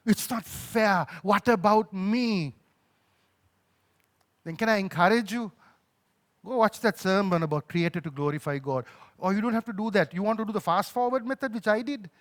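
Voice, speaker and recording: This male pastor has a high voice and a Sri Lankan accent. In his sermon he emotionally recounts a personal story, alternating between loud pleading and hushed, gentle moments.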